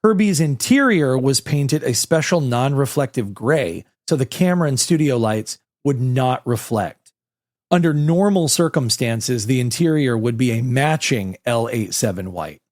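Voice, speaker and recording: Podcast co-host, male, relaxed trivia delivery, dry close mic. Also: mid-range voice, measured pace, dry recording. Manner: relaxed, reads out trivia with asides. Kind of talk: casual chat about a film.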